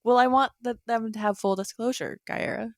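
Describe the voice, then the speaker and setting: A woman co-hosting a casual podcast from her bedroom, speaking quietly and giggling often. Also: a little high, steady tone, brisk, dry recording, clean studio sound. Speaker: podcast co-host. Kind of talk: casual chat.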